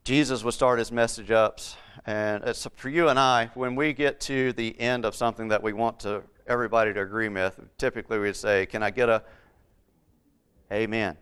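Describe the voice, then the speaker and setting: A man's voice: lowish voice, fairly even intonation, moderate pace, a bit bright, clean tone. A man preaching a Bible-teaching sermon, repeating key words for emphasis and putting questions to his listeners.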